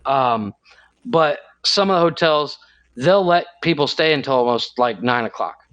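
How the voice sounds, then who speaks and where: A man's voice: mid-range voice, expressive, a little slow, fairly bright tone. Rambling podcast co-host man, dull lo-fi sound. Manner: rambling, searching for words. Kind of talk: casual chat.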